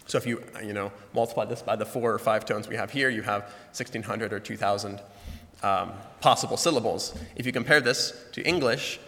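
Bright-voiced young man explaining in a hall. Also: medium pitch. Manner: explains step by step, demonstrating sounds. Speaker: student presenter. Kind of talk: explanatory class presentation. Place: lecture room with large slides. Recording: reverberant hall sound.

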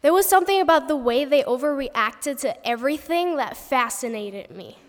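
A young woman, a theater student, giving a prepared speech with a bright, theatrical delivery. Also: high-pitched, lively intonation, moderate pace. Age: young adult. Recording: long hall reverb.

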